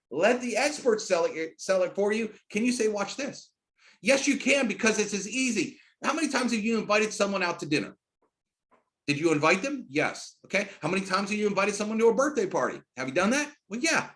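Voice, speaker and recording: Hyped fast-talking man with loud bursts. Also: expressive. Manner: hyped, rapid and emphatic, with sudden loud high bursts. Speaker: network marketing trainer. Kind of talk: screen-share training presentation.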